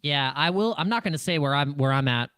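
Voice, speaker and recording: A man hosting a crypto live stream in a casual, rambling way, with a slightly high, smooth voice. He jokes around, restarts his sentences and laughs often. The sound is close and dry. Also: expressive, fast talker, a bit bright, no echo. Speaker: crypto livestream host.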